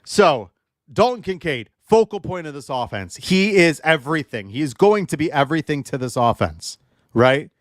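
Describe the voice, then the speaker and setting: A man's voice: on the high side, animated, moderate pace, dry recording, clean studio sound. A young adult man hosting a livestream football show, emotionally charged and ranting while joking with his chat. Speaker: sports show host.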